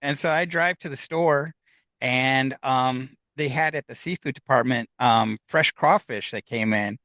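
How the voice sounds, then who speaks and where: A man's voice: medium pitch, measured pace, bright, forceful tone, no echo. A man telling a personal story in casual conversation, acting out the voices of the people in it. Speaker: guest.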